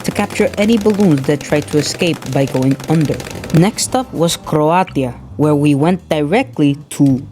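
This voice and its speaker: A man giving a scripted, deadpan voice-over of his gameplay, full of absurd, edgy jokes. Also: fairly high pitch, moderate pace, heavy background noise. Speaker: gaming YouTuber. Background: music.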